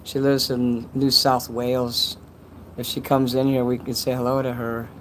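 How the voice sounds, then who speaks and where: A man's voice: medium pitch, little pitch movement, moderate pace, a little hiss or hum, low-quality recording. A man casually chatting on a livestream, reading donations and rambling with crude jokes and many restarts.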